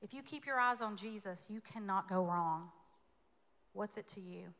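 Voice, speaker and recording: Bright-voiced woman preaching in a reverberant church. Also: medium pitch, normal speed. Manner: animated, conversational, playful asides. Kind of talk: sermon. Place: church sanctuary. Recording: long hall reverb.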